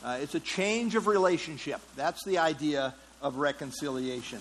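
A Bible teacher with a fairly high, somewhat bright voice guides an interactive class through a passage at a moderate pace. His style is conversational and heavy with fillers, and he poses questions to the group. The recording quality is poor, with slight background noise.

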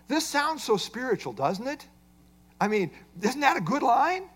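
A male pastor giving a sermon. His voice sits high and moves lively up and down. He explains a Bible passage verse by verse and poses rhetorical questions to his listeners. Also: normal speed, slightly rough. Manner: expository preaching with rhetorical questions.

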